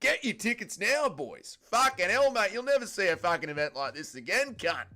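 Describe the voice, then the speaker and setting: A man's voice: sits high, sing-song, normal speed, pitched above the performer's own voice, exaggerated voice. A man putting on a brash, swearing fight promoter with an Australian accent, hyping an event. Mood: hyped. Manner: loud, crude, hyped.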